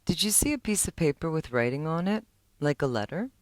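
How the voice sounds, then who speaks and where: A woman's voice: deep voice, very animated, no echo. Woman reading as a lonely teenage boy. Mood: pleading. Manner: slow, earnest reading.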